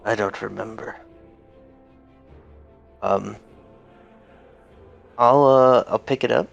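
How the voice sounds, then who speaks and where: A man's voice: lowish voice, slow, gravelly, highs cut off. A man playing his character in a tabletop game, talking in an eager, curious, casual way. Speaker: player. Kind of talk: in-character role-play. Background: faint music.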